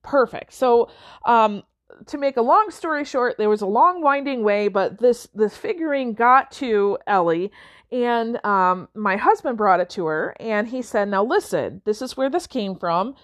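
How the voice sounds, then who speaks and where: A woman's voice: a little high, measured pace. A woman telling a personal story about coaching and mentoring, chatty, with fillers and acted-out quotes. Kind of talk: conversational storytelling talk.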